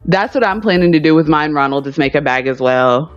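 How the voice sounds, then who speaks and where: A woman's voice: low voice, expressive, a little fast, highs cut off, soft background music. A woman co-hosting a casual livestream from home, chatty and wry, laughing easily. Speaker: livestream co-host. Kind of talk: casual chat.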